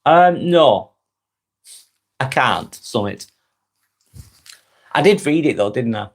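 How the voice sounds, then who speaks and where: Expressive and slow, his mid-range voice belongs to a man from England with a Lancashire accent, North West England. He hosts an easygoing live stream, responding to viewer comments, chuckling often and calling people mate.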